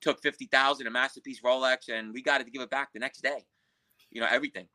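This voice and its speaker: A man's voice: medium pitch, steady tone, quick pace, bright, forceful tone, poor audio. A man telling a crime story as a podcast guest, in blunt, profane street talk. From Queens, New York. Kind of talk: storytelling interview.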